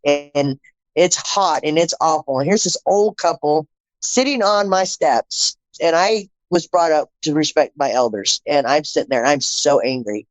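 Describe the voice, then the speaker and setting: A middle-aged woman, a podcast guest, telling her personal story in an animated way, acting out the dialogue and repeating phrases for emphasis. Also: low-pitched, unhurried, dry recording, poor audio.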